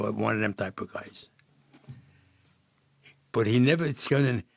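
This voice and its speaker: Gravelly older New storyteller. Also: male voice, on the low side, no echo. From Jersey City, New Jersey. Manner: rambling, laughs often, false starts. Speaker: podcast guest. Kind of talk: storytelling in casual conversation.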